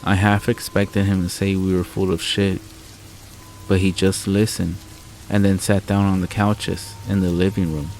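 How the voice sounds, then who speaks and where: A man narrating a scary story in a calm, measured, deadpan way. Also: low voice, slight background noise, poor audio. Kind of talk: scripted narration. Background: rain and faint music.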